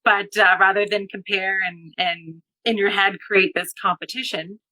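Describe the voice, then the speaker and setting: A woman in her thirties chatting as a guest, encouraging and chatty, with a warm supportive tone. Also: mid-range voice, steady tone, moderate pace, dry recording, rough recording. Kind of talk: casual chat.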